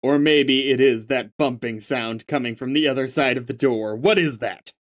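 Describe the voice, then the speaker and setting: In a medium-pitched voice at a moderate pace, a reader works through a webcomic out loud. They blend narration with laid-back, profane remarks and laugh frequently.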